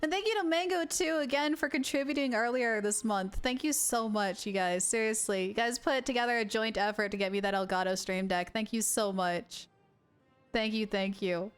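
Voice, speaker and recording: A young woman game streamer talking to her live chat in an excitable, gushing, giggly way. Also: on the high side, fairly quick, few pauses, clean tone, soft background music.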